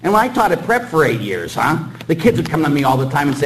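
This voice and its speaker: A middle-aged man, a priest, preaching a sermon in an animated, joking way and acting out little dialogues. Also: fairly high pitch, fast talker, few pauses, slight background noise, low-quality recording.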